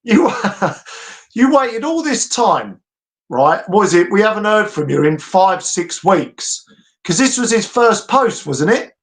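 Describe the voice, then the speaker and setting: A man's voice: sits high, expressive, measured pace. A British man ranting animatedly as co-host of a casual boxing podcast, laughing often.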